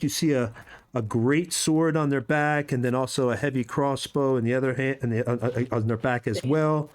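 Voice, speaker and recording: A man running a tabletop game as game master, relaxed and full of fillers. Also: mid-range voice. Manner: relaxed, hesitant, lots of fillers.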